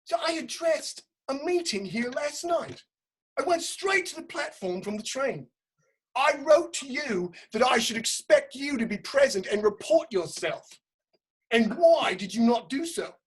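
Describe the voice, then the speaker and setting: A woman's voice: sits high, lively intonation, a little slow, husky, full character voice. A woman playing a pompous, blustering male aristocrat official with a put-on upper-class English accent, in a comic stage reading. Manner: indignant, self-important, prone to outbursts. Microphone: home setup, remote quarantine recording.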